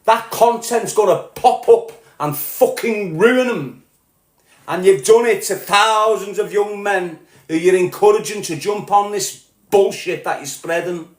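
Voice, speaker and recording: A man with a Liverpool accent delivering a heated, profane solo rant as a podcast host, growing louder as he goes. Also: sits high, a little slow, reverberant. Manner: heated, sweary, rising to shouting. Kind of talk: angry monologue rant.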